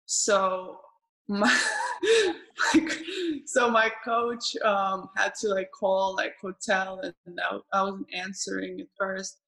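Halting woman hosting a chat. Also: medium pitch, vocal fry, a bit bright, poor audio. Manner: halting, with frequent restarts and self-corrections; laughs readily while telling stories. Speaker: podcast host. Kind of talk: casual conversational interview.

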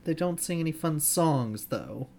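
A man's voice: a little high, lively intonation, a little slow, vocal fry, warm tone. A man chatting casually on a podcast, easygoing and agreeable. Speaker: podcast co-host. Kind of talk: casual chat.

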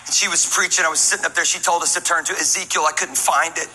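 A man, a pastor, preaching a humorous, energetic sermon full of stories, sometimes shouting. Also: fairly high pitch, fast, heavy background noise. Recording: echoey hall with music.

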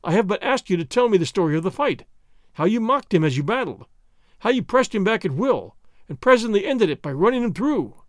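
A man puts on a soft-spoken young gentleman who needles with polite innocence. The voice sits high and swings freely. It is heard close and dry, as in a storybook reading. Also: very animated, brisk, dry recording. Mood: needling, mock-innocent. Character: mild, teasing young nobleman, languid and polite.

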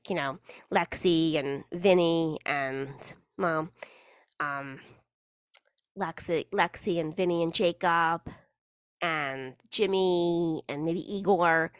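A woman's voice: lowish voice, dry recording, studio quality. A woman hosting a casual solo podcast in a chatty, rambling, playful way, with the odd swear word. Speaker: podcast host.

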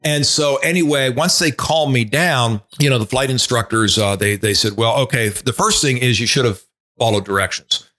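Speaking at a normal speed with a sharp edge to his mid-range voice, a sixty-something former TV weatherman on as a guest rambles through a loose story, often restarting and veering into asides.

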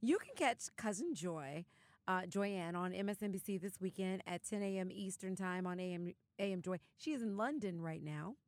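A woman's voice: on the low side, normal speed, a little mellow, no room sound. A woman hosting a podcast in casual chat, playful and effusive. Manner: playful, effusive, lots of laughing. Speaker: podcast host.

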